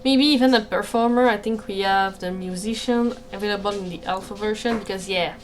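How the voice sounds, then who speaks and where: A woman's voice: mid-range voice, fairly quick, slight background noise. A woman with a French Canadian accent chatting casually on a livestream from home, apologetic and hesitant, often restarting her sentences. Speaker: streamer and game creator. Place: home room, alone.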